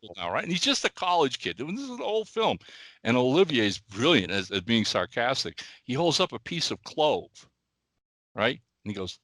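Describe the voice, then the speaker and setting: Older male podcast host, animated storyteller, bright forceful voice, dry close sound. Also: on the low side, fairly quick, no echo. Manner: animated storyteller, says "all right?" often. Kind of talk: casual chat, storytelling.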